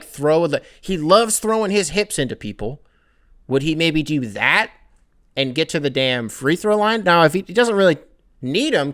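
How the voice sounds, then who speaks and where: A man's voice: on the high side, fairly bright tone. A young man hosting a sports podcast, ranting casually with profanity, rambling asides and self-corrections.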